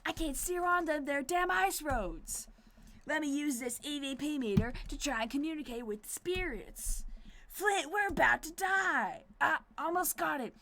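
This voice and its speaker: A woman's voice: high-pitched, moderate pace, pushed and bright, a little hiss or hum, voice pushed up. A woman voicing panicked backwoods male trucker ghost hunters with a hammy yokel drawl.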